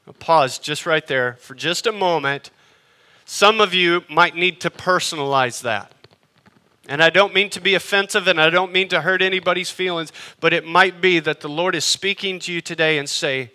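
A male pastor preaching a sermon, emphatic, swinging between loud declarations and hushed asides. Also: high-pitched, moderate pace.

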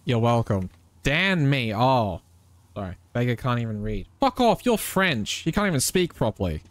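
Excitable streamer with a lively voice. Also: male voice, mid-range voice, moderate pace. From Australia. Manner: excitable, swears freely, teasing banter with chat. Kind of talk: live gameplay commentary.

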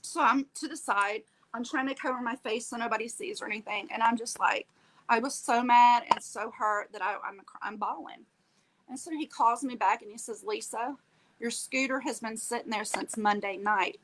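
Woman, slightly high voice, emotional storyteller on a chat show who acts out the quotes. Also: normal speed, background noise. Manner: animated, acts out quoted dialogue, tags lines with "okay?". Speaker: guest telling her story.

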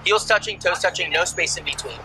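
A man's voice: sits high, brisk, music in the background, low-quality recording. A police officer, a man, giving patient, repetitive sobriety test instructions at the roadside at night.

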